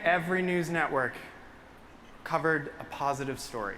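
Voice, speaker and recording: Bright-voiced man telling an earnest story. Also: medium pitch, moderate pace, a little hiss or hum. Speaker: photographer giving a talk. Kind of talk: live stage talk. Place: stage before a cheering audience.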